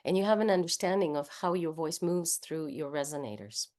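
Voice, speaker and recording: A woman with a Spanish accent, speaking in a slightly low voice. She leads an online voice workshop over a video call. She explains each point patiently and sounds the consonants and vowels out loud as she goes. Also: a little fast. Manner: explains patiently, demonstrating speech sounds aloud. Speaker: voice workshop leader.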